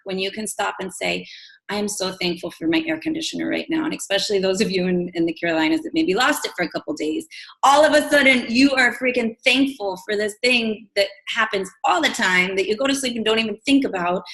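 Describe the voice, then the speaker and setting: Woman coach, mid-pitched and chatty, gives an animated motivational pep talk. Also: brisk, rough recording. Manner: animated, chatty, many fillers and acted-out quotes. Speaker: coach speaking to her sales team. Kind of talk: motivational team call talk.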